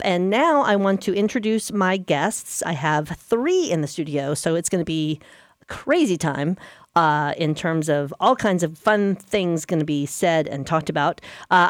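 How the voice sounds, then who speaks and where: A woman hosting a casual radio chat, talkative and quick to correct herself and laugh. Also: fairly low pitch, no echo, clean studio sound. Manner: chatty, self-correcting, laughs easily. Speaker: radio show host.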